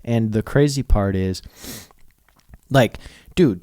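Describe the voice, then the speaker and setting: Young male podcast host from Minnesota, smooth resonant voice, dry close mic, loose and profane. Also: medium pitch, measured pace, a little mellow, no room sound. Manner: rambling, swears freely, laughs often. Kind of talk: casual solo podcast monologue.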